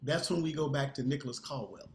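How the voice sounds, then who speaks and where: A man's voice: mid-range voice, quick pace, roomy sound. An older man, a singer, speaking earnestly and emphatically in an interview. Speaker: guest singer. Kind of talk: interview conversation.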